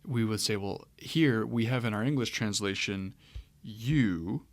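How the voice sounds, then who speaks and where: A man with a low, gravelly voice gives a relaxed grammar lesson. He explains step by step and pads his sentences with fillers. The sound is dry and close, with no room echo. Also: moderate pace. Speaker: Greek grammar teacher. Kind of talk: screen-share lecture.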